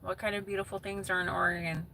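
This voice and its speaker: A woman's voice: mid-range voice, level tone, fast, gravelly, sharp tone, a little hiss or hum. A woman chatting casually with viewers on a live stream, reading their comments aloud and laughing often.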